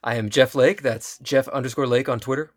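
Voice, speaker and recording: A man hosting a podcast in casual chat, wry and quick to laugh. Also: mid-range voice, fairly even intonation. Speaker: podcast host.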